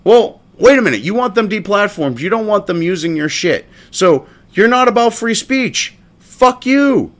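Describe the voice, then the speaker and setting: Profane ranting man, lively high voice. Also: normal speed. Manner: profane, mocking, combative. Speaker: commentary show host. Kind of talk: ranting commentary reading a statement.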